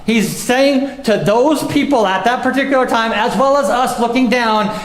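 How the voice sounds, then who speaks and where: A young adult man, a pastor, preaching a sermon with emphatic swings and soft low drops on key lines. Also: normal speed. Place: church sanctuary. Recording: echoey church room.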